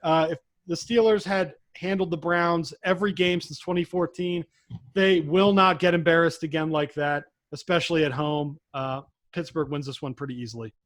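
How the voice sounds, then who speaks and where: A man's voice: on the high side, fairly even intonation, moderate pace, a bit bright. A young man co-hosting a casual sports talk show, laughing often as he runs through the week's picks. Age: young adult. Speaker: co-host.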